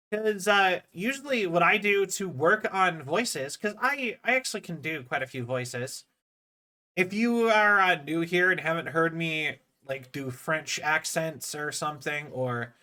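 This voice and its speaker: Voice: medium pitch, bright, forceful tone. A livestreamer chatting casually to viewers, rambling with lots of fillers and restarts. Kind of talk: casual live-stream chat.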